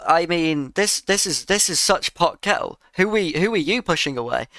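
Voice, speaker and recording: A man's voice: fairly high pitch, animated, brisk, hardly any pauses, pushed and bright, dry recording. A man giving a sarcastic, exasperated reaction rant to another creator's video.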